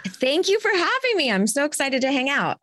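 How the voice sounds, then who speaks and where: A woman from Southern California as a podcast guest, animated and irreverent, laughing and swearing casually. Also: sits high, a little fast, dry recording, studio quality. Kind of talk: casual interview chat.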